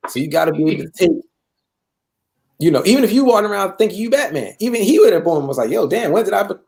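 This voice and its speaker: A man's voice: sits high, very animated, fast, vocal fry, a little mellow. A man hosting a live gaming talk show, rambling and repeating himself, tagging lines with "bro" and "right?". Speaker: show host. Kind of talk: casual chat.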